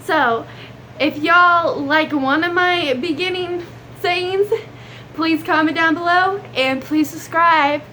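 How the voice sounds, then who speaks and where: A young woman with a drawl talks to her viewers in a casual, earnest advice vlog. Her voice sits high and bright in pitch. A faint hum of room noise runs underneath. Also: slow pace. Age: young adult. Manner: chatty, earnest, drawling with y'all. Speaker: vlogger.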